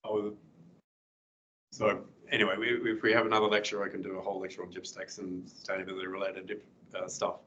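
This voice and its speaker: Hoarse guy giving a talk, lowish voice, lots of ums, faint hiss behind. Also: flat delivery, pushed and bright, lo-fi sound. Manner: halting, many fillers and restarts. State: losing his voice, clearing throat. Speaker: guest speaker. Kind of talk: lecture with slides.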